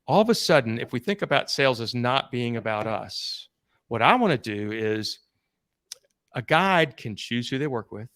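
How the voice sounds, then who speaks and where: A man who is a sales coach and podcast guest, telling stories in a blunt, animated way and swearing freely. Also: medium pitch, moderate pace, no room sound, studio quality. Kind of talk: casual storytelling interview.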